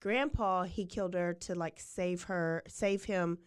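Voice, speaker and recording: A woman's voice: fairly low pitch, unhurried, clean tone, no room sound, studio quality. A woman hosting a podcast, casually retelling a true-crime case and saying "like" often. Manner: chatty, fills with "like" often. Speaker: podcast host.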